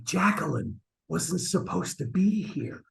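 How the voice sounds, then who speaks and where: A man's voice: a little high, very animated, slow, vocal fry, heavily acted, low-quality recording. A man playing a flustered cheating husband. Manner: sheepish and stammering, pressing his friend. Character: flustered middle-aged husband hiding an affair. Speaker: acting student. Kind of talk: online stage scene acting. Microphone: video call.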